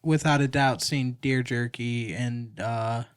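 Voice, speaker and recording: A man's voice: mid-range voice, fairly even intonation, takes it slowly, smooth. A young man chatting casually on a podcast with his friends. He keeps asking curious questions in an ordinary mid-range voice. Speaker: podcast co-host. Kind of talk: casual chat among friends.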